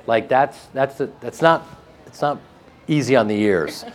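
A man with a flat Midwestern American accent, a guest actor telling joking stories in a casual interview. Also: medium pitch, measured pace. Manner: joking, animated storytelling with laughs.

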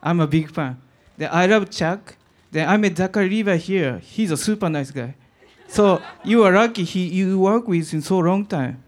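A high-pitched man gushes at the audience microphone. He speaks halting English with small grammar slips. He piles several questions together, warm and eager. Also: animated. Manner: eager fan, halting non-native English. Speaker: audience member asking questions.

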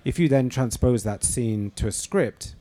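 A middle-aged novelist and screenwriter answers interview questions thoughtfully, with frequent fillers and restarts. His mid-range voice is dark in tone and unhurried.

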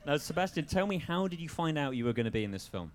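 A man moderating a live panel Q&A, relaxed and joking. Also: on the high side, fast talker. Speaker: event host.

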